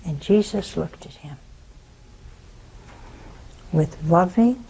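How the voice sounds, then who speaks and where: An older woman with a Southern American accent delivers a sermon at an unhurried pace. Her voice sits fairly high, and she leans on rhetorical questions and storytelling, letting her pitch rise sharply for emphasis. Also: expressive, darkish tone, low-quality recording. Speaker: preacher.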